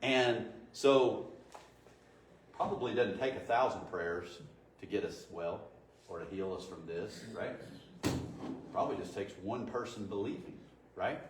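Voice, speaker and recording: A man's voice: fairly low pitch, a little slow, pauses often. Man preaching a casual, chatty sermon. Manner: conversational, asks rhetorical questions. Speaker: pastor. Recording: echoey room, distant mic, faint noise.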